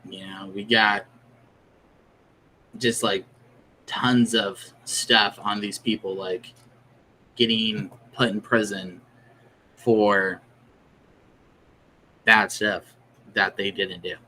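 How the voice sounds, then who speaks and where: A man's voice: on the low side, steady tone, extremely slow, pauses often, pushed and bright, a little hiss or hum, low-quality recording. A man co-hosting a podcast, chatting casually and rambling with lots of fillers. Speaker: podcast co-host. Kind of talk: casual chat.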